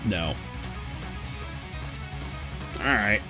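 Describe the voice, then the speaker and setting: A man's voice: lowish voice, expressive, extremely slow. A man streaming a video game, chatting casually with swearing and reading game text aloud. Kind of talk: casual gameplay commentary. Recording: game music behind voice.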